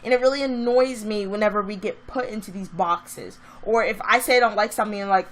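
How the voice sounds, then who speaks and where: A woman's voice: mid-range voice, brisk, hardly any pauses. A woman vlogger telling a story in a casual, chatty way that turns into a heated rant.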